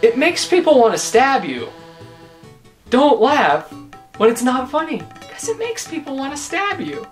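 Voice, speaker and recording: Young woman host, comic rant, lively up-and-down delivery, faint music underneath. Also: sits high, measured pace. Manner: exasperated, emphatic, repeats her points. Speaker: YouTube host. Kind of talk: comedic vlog rant.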